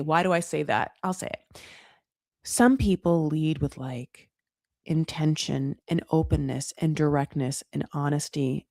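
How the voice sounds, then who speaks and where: A woman's voice: sits low, dark tone, dry recording, studio quality. A woman hosting a casual reality TV recap, chatty and frank, swearing freely and putting on dramatic voices when she quotes people. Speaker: recap show host.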